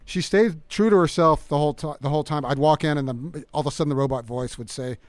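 Middle-aged male guest, halting and soft-spoken, smooth resonant voice, dry recording. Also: a little high, dry recording. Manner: halting, many restarts and fillers, soft-spoken. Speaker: guest musician. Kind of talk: casual interview chat.

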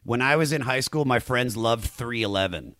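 A man from Maryland hosting a podcast, excitable and profane, chatting loosely and slipping into silly voices. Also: mid-range voice, moderate pace, no echo. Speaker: podcast host. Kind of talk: casual chat.

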